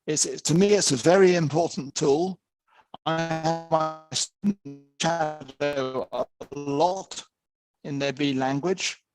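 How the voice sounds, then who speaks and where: A man with an English accent giving an online lecture over a video call, in a steady, explanatory way. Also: a little high, slow, faint music behind, low-quality recording.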